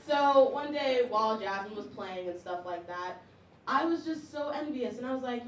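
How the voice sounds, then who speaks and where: On a comedy club stage, a young woman does a chatty, self-mocking stand-up set in a brisk, fairly high voice, often laughing between lines. A loud crowd fills the echoey room, and the mic sounds distant amid audience noise.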